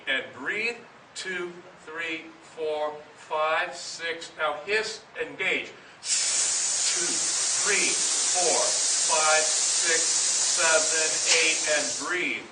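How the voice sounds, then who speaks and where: A man's voice: high voice, pushed and bright. A man leading students through breathing exercises as a band director, patient and repeating key phrases as he counts aloud. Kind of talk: instructional talk to students. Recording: echoey room, distant mic, noisy.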